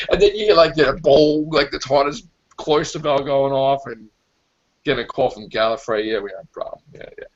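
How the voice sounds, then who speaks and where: Man, casual podcast chat, rambling animated storyteller, slightly high voice, dull lo-fi sound. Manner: rambling, animated storytelling with quick acted-out quotes. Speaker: podcast co-host.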